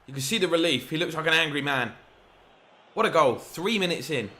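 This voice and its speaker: A man commentating on his own football video game match, excitable and quick to shout at the referee. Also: a little high. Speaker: gaming YouTuber.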